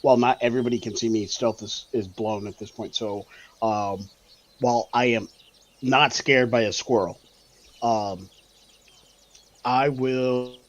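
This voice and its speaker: Hesitant player thinking out loud. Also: male voice, medium pitch, steady tone, measured pace, pauses often. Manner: hesitant, thinking aloud with many fillers. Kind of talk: playing a tabletop game over a voice call. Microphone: online voice call mic.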